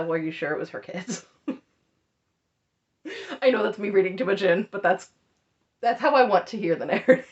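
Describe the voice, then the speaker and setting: A woman's voice: a little high, a bit bright. A woman giving casual, sarcastic recap commentary on reality TV, with chatty asides, recorded at home under a ring light.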